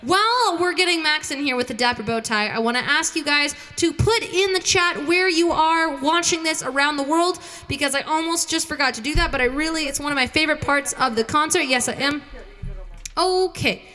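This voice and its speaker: Woman, singer hosting a livestream, high voice, bright tone, giggly and gushing, casual chat. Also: brisk.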